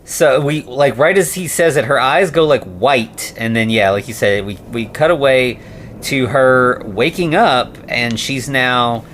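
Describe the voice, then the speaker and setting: A man at a middle pitch, talking through a movie's story for a podcast. He rambles and restarts, leaning on plenty of ums and likes as he goes. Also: measured pace, a bit bright, slight background noise. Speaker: podcast co-host. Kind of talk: casual film-review chat.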